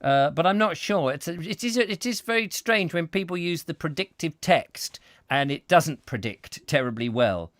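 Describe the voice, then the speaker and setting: A man's voice: on the high side, lively intonation, fairly bright tone, no room sound, studio quality. A man hosting a comic live-stream chat show, playful and full of puns as he reads out viewer comments. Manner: playful, punning, quick to laugh.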